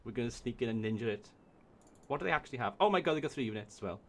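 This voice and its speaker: A man gives excitable gameplay commentary, swearing often and talking to himself as he plays. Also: mid-range voice, very fast. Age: 20s. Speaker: let's play host.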